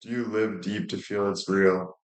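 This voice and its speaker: A man's voice: fairly low pitch, fairly even intonation, normal speed. A man talking in a casual monologue, blunt and emphatic, swearing heavily and repeating himself for emphasis. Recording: echoey room.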